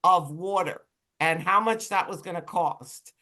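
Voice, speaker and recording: In a casual book discussion, an audience member offers measured, reflective thoughts and repeats words for emphasis. The voice is medium-pitched, pushed and bright.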